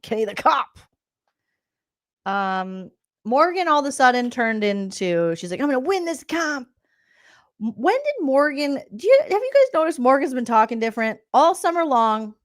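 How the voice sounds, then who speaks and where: A woman's voice: fairly high pitch, very animated, moderate pace. A woman comedian hosting a reality-TV recap vlog, talking sarcastically and breaking into mocking impressions.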